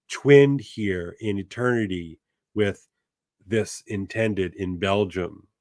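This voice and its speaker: A man's voice: fairly low pitch, dry recording, clean studio sound. A man teaching a literature class over a video call, reading aloud expressively and posing questions to his students. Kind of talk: dramatic reading and class lecture.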